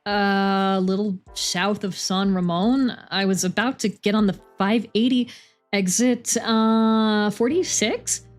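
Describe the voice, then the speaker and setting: A woman's voice: medium pitch, steady tone, slow, soft background music, natural voice. A woman voicing a weary, wry young woman football player who sighs and curses. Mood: frantic. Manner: sarcastic, sighing, swearing.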